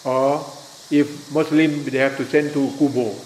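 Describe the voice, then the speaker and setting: A man with a Thai accent, not a native English speaker, giving a Buddhist teaching in simple halting English. He keeps asking his listeners whether they understand and spells words out letter by letter. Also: on the high side, fairly even intonation, darkish tone. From Thailand. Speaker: Dhamma teacher. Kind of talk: Buddhist teaching talk to a group. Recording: echoey room with faint hiss.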